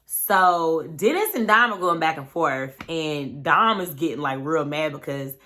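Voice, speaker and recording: A woman's voice: low-pitched, animated, a little slow, pushed and bright. A woman vlogger recapping a reality show in a loose, chatty way, full of "like" and "you know what I'm saying". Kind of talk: casual storytelling recap.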